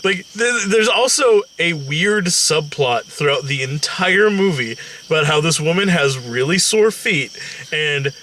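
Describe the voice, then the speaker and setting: A man co-hosts a casual movie review chat, rambling, slangy and profane. His voice is bright, with faint insect noise in the background. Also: on the high side, expressive, unhurried, recorded from a distance. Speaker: co-host.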